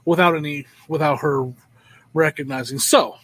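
A man co-hosting a podcast, telling stories in an animated way and often laughing. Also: fairly high pitch, normal speed. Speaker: podcast co-host. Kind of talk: casual chat.

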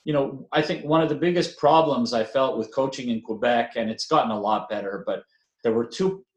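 A man's voice: mid-range voice, fairly quick, a little mellow, echoey room, rough recording. A man in his sixties, a veteran basketball coach giving an interview, talking casually with many fillers and restarts and the odd self-deprecating chuckle. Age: 60s.

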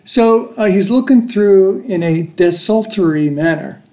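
A man's voice: high voice, expressive, a little slow, mellow. An American man in his sixties casually telling a long travel story, rambling along with restarts and chuckles. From United States. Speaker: father telling travel stories. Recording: echoey room.

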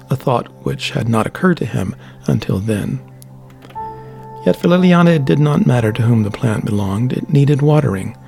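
A man reading a novel aloud as narrator, in measured, steady storytelling. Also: medium pitch, creaky. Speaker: audiobook narrator. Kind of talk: scripted narration. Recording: faint background music.

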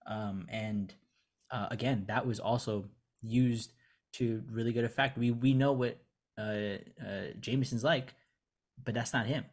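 A man's voice: mid-range voice, fairly even intonation, unhurried. A man co-hosting a casual comic book review chat, earnest and searching for his words as he praises.

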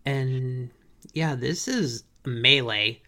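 A man hosting a podcast, recapping a cartoon episode in relaxed casual chat. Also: medium pitch, very slow. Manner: relaxed, summarizing plot with fillers. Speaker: podcast host.

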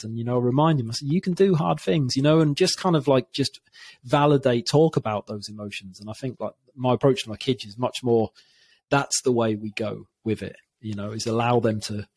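A man's voice: medium pitch, darkish tone, no echo. A man, talking openly and reflectively as an interview guest, often restarting his sentences. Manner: open, reflective, halting with many restarts. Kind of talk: candid interview talk.

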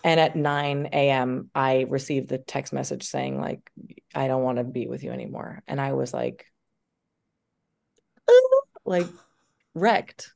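A woman in her thirties, an actress being interviewed, telling stories in an animated way and laughing through her words. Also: extremely low pitch, unhurried, vocal fry, pauses often. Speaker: actress and guest. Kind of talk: casual interview chat.

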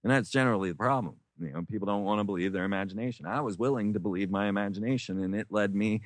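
A man's voice: lowish voice, racing, dry recording. A man from the United States telling meandering life stories in an interview, full of restarts and fillers. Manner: meandering, many restarts and fillers, acts out quoted voices. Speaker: interview guest. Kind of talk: rambling storytelling.

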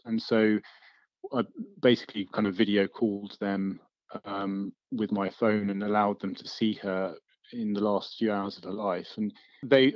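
Doctor, low voice, slow pausey talk, muffled dry audio. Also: male voice, no echo. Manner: measured, with frequent pauses and fillers. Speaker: hospital consultant. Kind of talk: interview.

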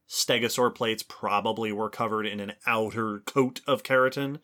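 A man co-hosting an educational podcast, explaining in an enthusiastic, lively way. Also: fairly low pitch, normal speed. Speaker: podcast co-host. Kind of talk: educational casual chat.

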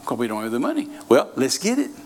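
Animated preacher man. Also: medium pitch, fast talker. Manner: folksy storytelling, animated, repeats phrases. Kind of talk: sermon.

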